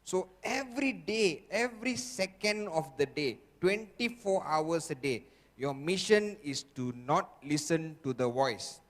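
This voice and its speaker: Speaking a little slowly in a fairly high, animated voice, a sales trainer gives a forceful motivational talk in an echoey hall. He's repetitive and constantly checks in with the crowd with "okay?"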